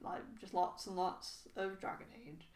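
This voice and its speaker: A woman's voice: monotone, unhurried, a little mellow. Woman podcast cohost, chatty, laughs a lot, echoey room. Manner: chatty, laughing, goes high when quoting characters. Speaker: podcast co-host. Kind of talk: casual chat. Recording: roomy echo.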